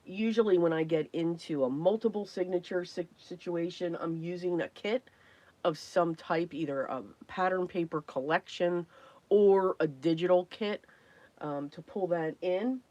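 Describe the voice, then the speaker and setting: A woman hosting a casual crafting livestream, chatty and greeting viewers by name, her voice hoarse and worn from talking, often clearing her throat. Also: fairly low pitch, measured pace, warm tone, no room sound. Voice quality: frequent throat clearing and coughs.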